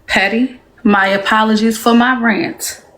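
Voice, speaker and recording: A woman's voice: a little high, steady tone, a little slow, a bit bright. A woman panelist on a live stream, ranting bluntly and confrontationally, with lots of profanity. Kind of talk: heated live-stream rant.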